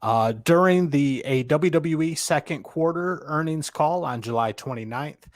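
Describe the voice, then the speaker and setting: A man co-hosting a podcast, reading news items in a steady, matter-of-fact casual way. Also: fairly high pitch, a little slow, dry recording, clean studio sound.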